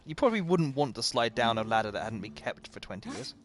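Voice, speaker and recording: A man's voice: medium pitch, sing-song, quick pace, a little hiss or hum. A man commentating live as he plays a video game, chatty and self-mocking, often talking to the game itself. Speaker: game streamer.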